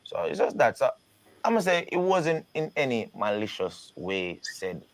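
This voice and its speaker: A Jamaican man interviewing an artist in a relaxed conversation. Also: mid-range voice, normal speed, creaky.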